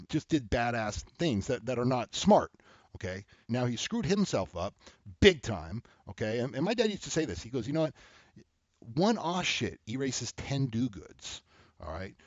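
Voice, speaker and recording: A man's voice: medium pitch, very animated, brisk, a little mellow, no room sound, muffled recording. A man hosting an advice show who talks bluntly and heatedly, and keeps checking in with "okay?". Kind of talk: casual advice talk to camera.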